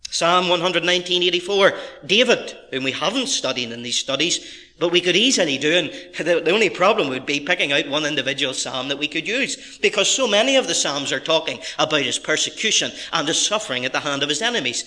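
A man's voice: fairly high pitch, lively intonation, brisk, bright, forceful tone. A middle-aged man preaching a sermon as pastor, reading scripture and stressing key phrases with earnest, rising emphasis.

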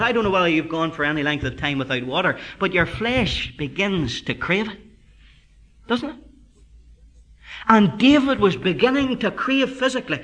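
High-voiced, bright, fervent male preacher. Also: big pitch swings, normal speed. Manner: emphatic, builds to fervent climaxes; drops to a quiet conversational aside. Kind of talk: sermon.

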